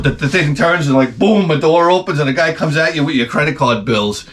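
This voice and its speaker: A man's voice: on the high side, moderate pace. Hungover man ranting profanely. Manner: profane, animated storytelling with sound effects. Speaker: video host. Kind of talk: rambling comic rant.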